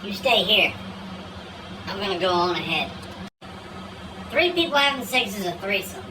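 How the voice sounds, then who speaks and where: A woman's voice: medium pitch, animated, moderate pace, recorded from a distance, background noise. A woman telling a string of one-liners and dirty jokes in a dry, matter-of-fact way. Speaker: joke teller. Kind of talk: deadpan joke telling.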